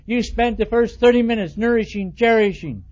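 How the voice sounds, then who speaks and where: A man's voice: normal speed, darkish tone. A man preaching a sermon in a folksy way, now and then acting out quoted voices. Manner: folksy, acts out quoted voices with rising pitch. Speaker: pastor. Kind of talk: expository sermon. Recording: dull lo-fi sermon recording.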